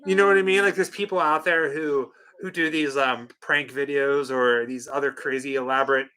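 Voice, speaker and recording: A man's voice: medium pitch, steady tone, normal speed, bright, forceful tone, clean tone. A man co-hosting a live stream in casual chat, reading out viewer comments and playfully insisting on his point. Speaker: co-host of a live watch-party stream.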